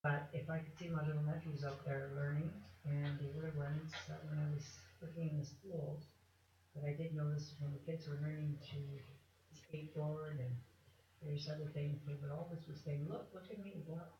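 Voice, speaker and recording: Woman, hoarse, rambling, public comment, distant, roomy, faint hiss. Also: deep voice, flat delivery, normal speed. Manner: chatty and rambling, searching for words. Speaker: member of the public speaking at council. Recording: echoey chamber, distant mic, dull sound.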